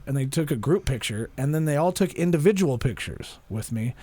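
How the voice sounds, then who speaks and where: A young man co-hosting a podcast, chatting casually and acting out what people said in lively voices. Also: a little high, fairly quick, few pauses, no echo. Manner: animated storyteller, acts out quotes in voices. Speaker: podcast co-host.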